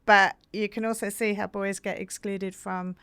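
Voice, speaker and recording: A woman from Britain, an author guest in a podcast interview, talking earnestly with many fillers and animated storytelling. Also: medium pitch, normal speed, clear, resonant tone, no echo.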